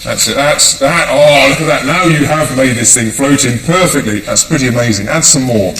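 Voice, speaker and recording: A man's voice: medium pitch, normal speed, distant mic. Brief: enthusiastic male lecturer on a hall stage, a little off-mic, faint hum behind. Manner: enthusiastic, addresses audience volunteers. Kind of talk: live science demonstration lecture. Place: lecture theatre with audience.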